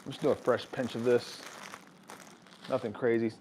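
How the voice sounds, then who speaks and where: A young man with a drawl cooks at home and keeps up an easy, chatty commentary for his viewers. His voice sits at a middling pitch. A faint hum of kitchen noise runs underneath. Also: moderate pace, poor audio. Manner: relaxed, chatty, talks to viewers while cooking. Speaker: family vlogger cooking. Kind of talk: casual cooking vlog chat.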